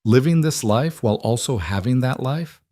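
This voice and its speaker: A man voicing an anxious, earnest single father in a storybook reading, speaking quietly and tentatively. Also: mid-range voice, animated, moderate pace, no echo, clean studio sound, pitched above the performer's own voice, natural voice.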